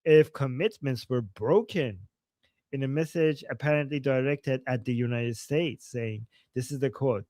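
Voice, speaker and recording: A man's voice: medium pitch, unhurried, a little mellow, no echo, clean studio sound. A man co-hosting a live political stream, giving sarcastic commentary with theatrical mockery and frequent laughter. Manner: mocking, theatrical, laughs often.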